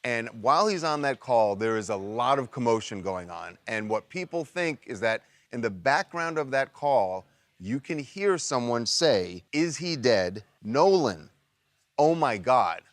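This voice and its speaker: A man reporting, explaining events in a measured, methodical way. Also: mid-range voice, sing-song, no room sound. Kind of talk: explanatory narration.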